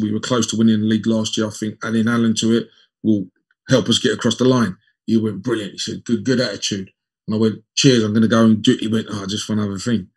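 A man in his fifties, a former footballer, telling lively anecdotes as an interview guest and acting out the dialogue. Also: lowish voice, husky. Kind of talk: conversational storytelling in an interview.

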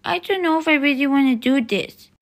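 A timid young girl, played by a woman in a voiced toy-game role-play. She speaks high and hesitantly. She resists being dragged into her brother's pranks. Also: a little fast. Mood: reluctant. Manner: hesitant and unwilling.

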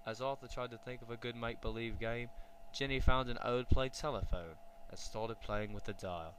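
A man narrating a children's storybook in a lively, expressive way. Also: mid-range voice, normal speed, slight background noise, poor audio. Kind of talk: storybook reading.

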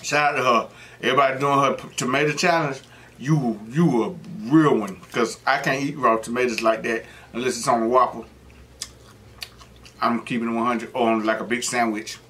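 A man's voice: medium pitch, steady tone, moderate pace, sharp tone. Rambling middle-aged man eating on camera. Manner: rambling, joking storyteller. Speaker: mukbang host. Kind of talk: casual chat while eating.

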